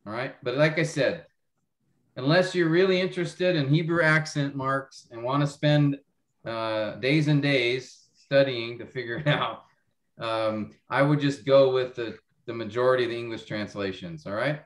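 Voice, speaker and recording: A man leads an online Bible class, walking through each point and pausing to ask whether everyone follows. His voice sits at an ordinary pitch and carries a roomy echo. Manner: explanatory, checks understanding often. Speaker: Bible teacher.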